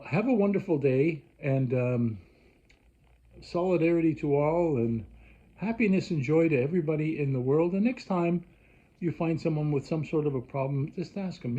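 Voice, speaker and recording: A man rants at the camera, rambling and restarting as he gets worked up. His voice is husky, dark and a little raised in pitch. The recording sounds dull and lo-fi. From Canada. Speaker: vlogger. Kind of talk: rambling casual rant.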